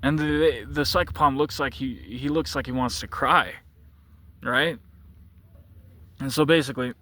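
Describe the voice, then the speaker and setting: A man's voice: mid-range voice, a little slow, pushed and bright. A man telling a long story in a casual, rambling way, often stopping to correct himself and restart. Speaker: channel host.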